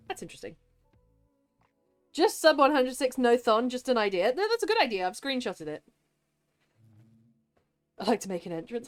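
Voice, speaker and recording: A woman hosting a live gameplay stream, her pitch rising and falling all over the place. She keeps up a friendly running chat, greeting and thanking viewers and coaxing things in the game. Soft music plays faintly behind her. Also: lively intonation, a little fast, pauses often.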